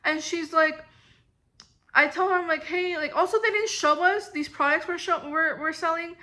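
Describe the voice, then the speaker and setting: A young vlogger rambles through a casual storytime monologue, sounding exasperated and saying "like" constantly. Her voice is extremely high and sharp, with a steady tone at a normal speed.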